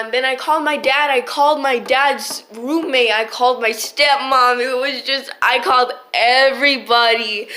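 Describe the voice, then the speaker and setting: A woman's voice: sits high, pushed and bright. A teenage girl telling a rambling, swear-filled storytime into her phone, full of restarts. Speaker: vlogger. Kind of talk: casual storytime.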